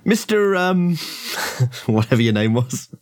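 A man's voice: mid-range voice, big pitch swings, slow pace. A man voicing a flustered, fussy host of the house who keeps forgetting names and hesitating.

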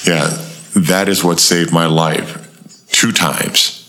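Low-voiced man telling a street story. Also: takes it slowly. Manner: animated storyteller, acts out quoted voices in a higher pitch, swears freely. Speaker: interview guest. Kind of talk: storytelling in a casual interview.

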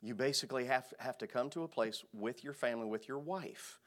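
A male pastor delivering a sermon, speaking emphatically and swinging from quiet asides to loud, stressed phrases. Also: medium pitch, fairly quick.

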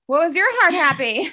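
A woman co-hosting a casual podcast, upbeat and quick to laugh as she wraps up with her guest. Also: on the high side, a bit bright. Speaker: podcast co-host.

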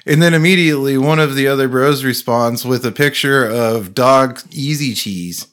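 A man's voice: mid-range voice, fairly bright tone. A man chatting casually with friends, joking around and swearing freely. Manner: joking, profane, quick to chime in. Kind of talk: casual chat.

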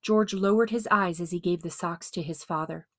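A woman narrating a dramatized biography as an audiobook, with expressive storytelling. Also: lowish voice, normal speed, no room sound, clean studio sound.

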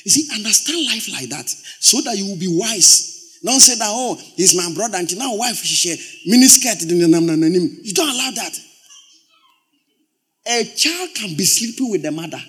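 Animated high-voiced male pastor preaching. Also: measured pace. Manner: swings from loud exclamations to low, quiet storytelling; repeats words for emphasis. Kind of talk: sermon.

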